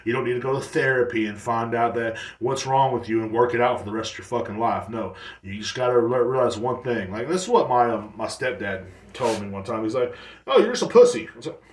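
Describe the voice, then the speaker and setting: A man's voice: mid-range voice, a little fast, reverberant, recorded from a distance. A man in his thirties hosting a casual solo podcast, rambling and blunt, with lots of swearing. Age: 30s. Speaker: podcast host.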